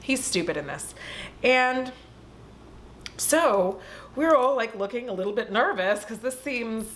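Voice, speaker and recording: A woman hosting a casual vlog, retelling a film in an animated, profane storytelling way. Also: a little high, unhurried, slight background noise. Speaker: host. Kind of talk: casual movie recap vlog.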